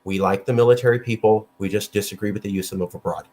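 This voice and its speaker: A man's voice: fairly even intonation, fast, a little mellow. Male movement leader, passionate speaker, emphatic and repetitive. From California. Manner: emphatic, repetitive, pitch jumping high when worked up. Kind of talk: impassioned argument.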